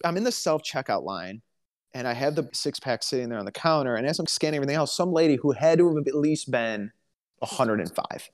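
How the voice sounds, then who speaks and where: In a casual podcast conversation, an Alabama-born co-host tells stories with a dry, joking, talkative style. His mid-range voice is animated and fairly quick.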